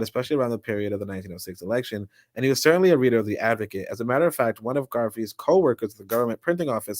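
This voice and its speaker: A man's voice: medium pitch, no room sound, studio quality. A man reading a history book aloud on a live stream from a handheld computer, breaking off often into loose, slangy commentary full of fillers and restarts. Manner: loose slangy talk with many fillers and restarts, shifting to steady reading of passages. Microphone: handheld portable computer.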